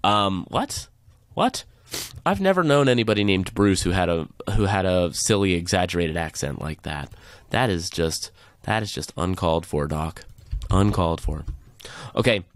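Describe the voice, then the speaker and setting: A man's voice: deep voice, expressive, normal speed, dry recording. A man hosting a let's play, chatting and cheering or groaning at the game as he plays. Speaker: gaming channel host.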